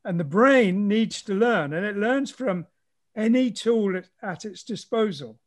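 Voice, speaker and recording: Male guest, teacher type, high pitch, thoughtful and explanatory. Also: lively intonation, unhurried. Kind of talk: casual explanatory conversation.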